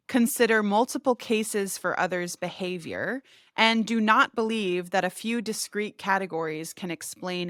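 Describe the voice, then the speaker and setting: A woman hosting a casual podcast conversation, reflective and quick to laugh, sometimes reading quotes aloud. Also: mid-range voice, a bit bright, no echo, studio quality. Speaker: podcast host.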